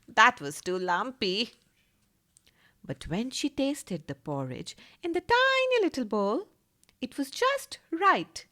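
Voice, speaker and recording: A woman with an Indian English accent, a teacher reading a children's story aloud in an expressive, sing-song style. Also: on the high side.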